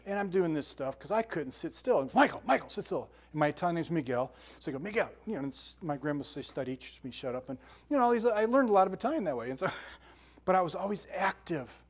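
An older man giving a sermon as pastor, telling lively stories with sound effects and asides. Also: high voice, fast talker.

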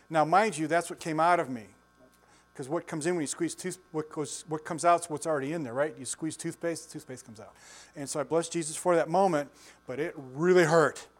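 A pastor in his sixties gives a conversational sermon in a slightly high voice, telling folksy stories, chuckling often and asking his listeners questions.

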